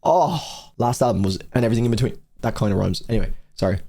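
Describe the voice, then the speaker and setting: A man's voice: on the low side, lively intonation, fast talker, dark tone. Young guy rambling through his album countdown, says like a lot, swears casually. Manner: rambling, lots of fillers and swearing. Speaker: music reviewer.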